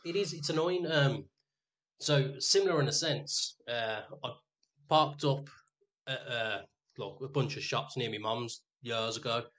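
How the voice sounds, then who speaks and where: Bright-voiced man chatting. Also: mid-range voice, measured pace. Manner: laid-back, sweary, lots of fillers. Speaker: podcast co-host. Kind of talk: casual chat.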